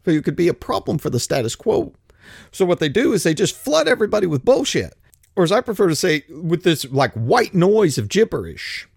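Gravelly older man ranting. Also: high voice, big pitch swings, a little fast, no room sound, clean studio sound. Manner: grumpy, blunt, swears, acts out other voices. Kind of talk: ranting monologue.

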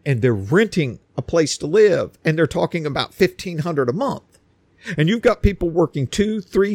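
A man holds forth in an emphatic monologue, his somewhat high voice swinging up and down as he stacks points and repeats words. The sound is dry and close. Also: no room sound. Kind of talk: opinion monologue.

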